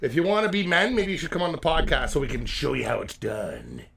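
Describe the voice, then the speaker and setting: A rowdy, joking man co-hosts a casual beer-tasting chat, talking fast after chugging a beer. His slightly high voice swings widely up and down. Chatter fills the room around him. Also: lively intonation, vocal fry. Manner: rowdy, joking, bursts into wrestler-style yelling. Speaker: podcast co-host.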